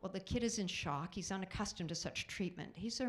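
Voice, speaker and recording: Chatty middle-aged woman doing stand-up. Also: medium pitch. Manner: chatty, self-mocking, quick asides to the audience. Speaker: stand-up comedian. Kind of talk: stand-up comedy set. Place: live theater stage.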